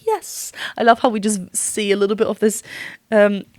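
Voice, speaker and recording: A woman's voice: medium pitch, steady tone, normal speed, darkish tone, no echo. Woman vocal coach reacting to a song, super gushy, laughs a lot, sings little demo notes, mid voice, dry sound. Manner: effusive, gushing praise with frequent laughs; breaks off to sing short demo notes. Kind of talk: reaction and analysis commentary.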